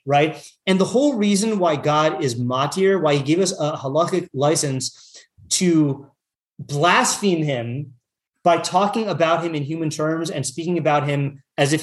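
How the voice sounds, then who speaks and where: Man, Torah teacher, slightly higher voice, chatty and digressive, reads then translates. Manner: chatty, full of fillers, reads Hebrew text then translates. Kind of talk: casual text study class.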